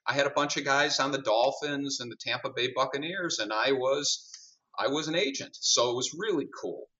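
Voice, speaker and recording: A middle-aged executive on a podcast, talking through his career with lively storytelling. He plays out both sides of each conversation. His voice is bright and forceful, recorded a little off the mic with a dull, muffled sound. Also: mid-range voice, moderate pace, recorded from a distance. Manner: animated storyteller, acts out dialogue. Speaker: guest, company CEO.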